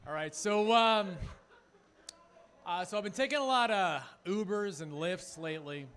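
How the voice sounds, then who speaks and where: A man's voice: high voice, a little slow, fairly bright tone, clean tone. A man in his thirties from Phoenix, Arizona, performing a rambling, chatty stand-up set full of "like" fillers. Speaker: stand-up comedian.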